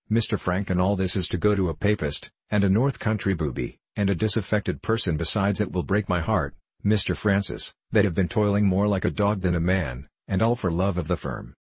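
A devoted, fretful elderly clerk, as a male reader puts him on, pleading in an anxious, earnest way. His voice is very low and husky. It is a storybook reading recorded close and dry. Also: no room sound.

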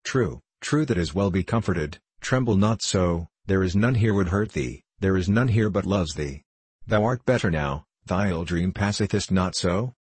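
A man voicing a stern old king gone gentle. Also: deep voice, lively intonation, breathy edge, dry recording. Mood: gentle, coaxing. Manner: archaic courtly speech, gentle and slow. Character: dread old king, stern yet tender.

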